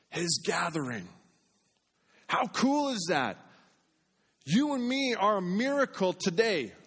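A man preaching a sermon in an earnest way, repeating phrases for emphasis and dropping to a hush on key points. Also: medium pitch. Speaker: pastor.

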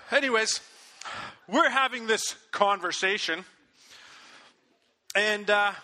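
Male pastor, animated storyteller, high and sharply bright, recorded in a reverberant hall. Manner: animated storytelling, acts out his own angry outbursts. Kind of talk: sermon. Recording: long reverb of a big hall.

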